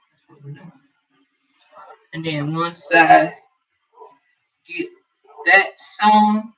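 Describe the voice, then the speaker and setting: A woman's voice: lowish voice, fairly bright tone, recorded from a distance. A woman teaching a casual sewing tutorial as a quilting instructor, chatting and thinking aloud while she works. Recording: dull lo-fi sound from away from the mic.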